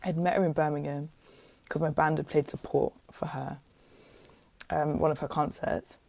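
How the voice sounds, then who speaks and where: A British woman telling stories as a guest in a casual interview, lively and chatty, with lots of "like". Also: sits low, moderate pace, vocal fry, no echo. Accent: British English. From England. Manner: lively, chatty, heavy use of "like". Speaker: guest musician.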